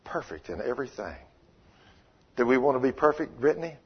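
A man preaching a sermon, telling folksy stories and acting out the people in them, swinging from loud rebukes to quiet asides. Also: medium pitch, expressive, a little fast, slightly rough. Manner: folksy, acts out quoted voices, shifts between loud rebukes and quiet asides. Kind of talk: sermon with storytelling. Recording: muffled lo-fi sermon recording.

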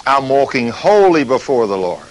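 A man's voice: medium pitch, big pitch swings, normal speed, low-quality recording. A man preaching a sermon. He asks rhetorical questions and acts out the scenes and voices he quotes. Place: studio recording between breaks.

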